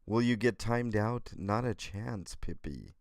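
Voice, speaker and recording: A man hosts a casual live stream in a groggy morning voice, greeting his chat one name at a time. His voice sits very low and slow with a gravelly edge, and the sound is dry and close. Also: no room sound. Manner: relaxed, greets chat viewers by name, many "uh" fillers. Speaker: livestream host.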